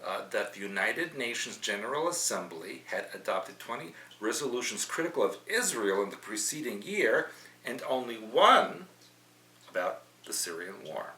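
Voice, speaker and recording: A man's voice: on the low side, big pitch swings, moderate pace, bright, forceful tone. A middle-aged man hosting a news podcast, reading quotes aloud and adding opinionated asides. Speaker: podcast host. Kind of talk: news commentary chat. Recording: roomy, slightly distant mic with faint hum.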